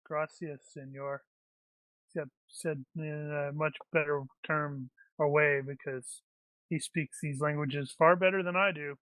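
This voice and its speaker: Bright-voiced joking man at the table. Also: a little high, fairly even intonation, no echo, poor audio. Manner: joking, quick banter. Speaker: player. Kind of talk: casual tabletop play.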